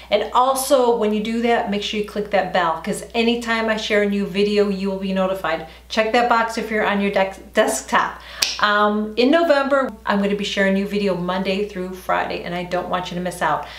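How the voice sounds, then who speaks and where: Middle-aged lady chatting thru her makeup, echoey room. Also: mid-range voice. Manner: chatty, talks while applying makeup. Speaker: beauty vlogger. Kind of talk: casual makeup tutorial.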